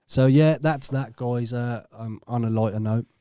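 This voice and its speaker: A Yorkshire man hosts a loose, sweary podcast chat. His voice is mellow and dark, and the recording is dry and close. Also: mid-range voice, moderate pace, clear, resonant tone, dry recording. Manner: laid-back, swears freely, laughs often. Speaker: podcast host.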